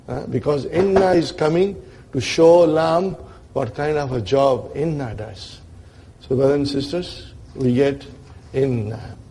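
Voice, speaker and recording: A man's voice: mid-range voice, unhurried, dark tone, a little hiss or hum. A man teaching an Arabic grammar lesson to a class, checking in with his students often and acting out the grammar as characters.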